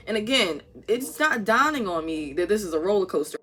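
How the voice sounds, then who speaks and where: A young woman tells a wild story straight to camera, slipping into the voices of everyone in it. Her voice is bright and swings widely in pitch. Faint music plays behind her. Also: brisk, few pauses. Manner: animated storytelling, acting out voices. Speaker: vlogger. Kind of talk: storytime vlog.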